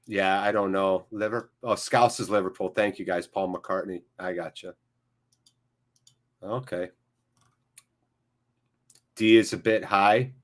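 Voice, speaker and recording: A man's voice: sits low, fairly even intonation, slow pace, pauses often. Rambling man hosting a watchalong. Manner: rambling, self-mocking, swears casually. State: feverish. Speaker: livestream host. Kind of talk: casual live watchalong chat.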